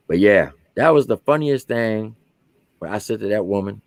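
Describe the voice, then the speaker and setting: A man in his forties, an army veteran, telling a profane comic story with animated swings between low asides and loud punchlines. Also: moderate pace, slight background noise.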